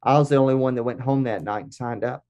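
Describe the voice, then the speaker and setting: An American man in his forties, a podcast guest telling lively anecdotes. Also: mid-range voice, quick pace, highs cut off. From United States. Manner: lively anecdotes with acted-out quotes. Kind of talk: casual storytelling.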